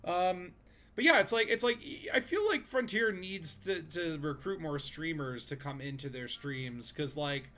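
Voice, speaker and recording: A man hosts a relaxed gaming stream, talking in loose, meandering sentences full of "like" and "you know." He narrates what he is doing in the game as he goes. His voice sits a little on the higher side. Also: measured pace. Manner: rambling, filler-heavy, chatty; narrates own gameplay. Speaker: streamer host. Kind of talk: casual gaming stream chat.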